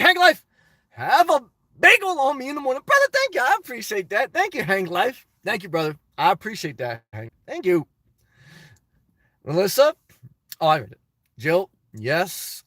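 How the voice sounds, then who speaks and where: A man's voice: high-pitched, huge pitch swings, normal speed, bright, forceful tone, dry recording. A man casually reading viewer comments and answering them bluntly, rambling with restarts. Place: lives in his car.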